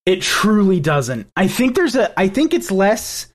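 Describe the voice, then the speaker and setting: A man from the South co-hosting a casual podcast. His pitch swings up and down a lot and he talks slowly, breaking into laughter often as he pokes fun at the clip. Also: sing-song. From American South. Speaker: podcast co-host. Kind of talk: casual chat.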